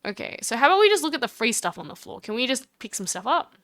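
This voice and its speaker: A woman's voice: on the high side, big pitch swings, fast talker, fairly bright tone, no room sound. A woman streamer giving chatty, giggly commentary while playing a game and talking to her chat on a close desk mic. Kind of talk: casual let's-play commentary.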